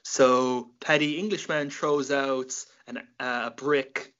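A man's voice: medium pitch, steady tone, slow pace, fairly bright tone, clean tone. Young irish guy, podcast host, swears constantly, cracks himself up, muffled sound. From Ireland. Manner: swears freely, laughs at his own jokes. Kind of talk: casual late-night chat.

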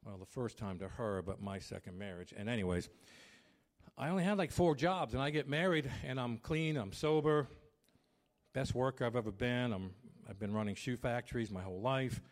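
In a medium-pitched voice at a moderate pace, a fifty-something man preaches a sermon as pastor. He speaks loudly out of habit and brings domestic arguments alive with animated storytelling.

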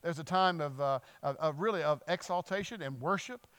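A man preaching a sermon as pastor, animated, acting out the voices of the people in the text. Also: fairly high pitch, a little fast, clear, resonant tone, long reverb tail. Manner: animated, acts out quoted voices.

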